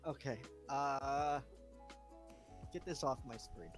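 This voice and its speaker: A man chatting casually while playing a wrestling sim game with a friend, quick to react, swearing and laughing. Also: medium pitch. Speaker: co-host of a game stream. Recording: faint music behind.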